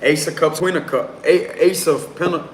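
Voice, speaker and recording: Slangy tarot reader in a roomy space. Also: male voice, fairly high pitch, moderate pace. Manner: casual and slangy, prone to giggles. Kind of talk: casual live tarot reading. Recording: roomy echo, faint background noise.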